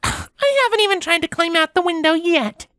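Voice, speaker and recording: A man's voice: extremely high pitch, moderate pace, sharp tone, no room sound, pitched above the performer's own voice. A man voicing a young female pony princess, nervous and playful, in a fanfiction reading. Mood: wry.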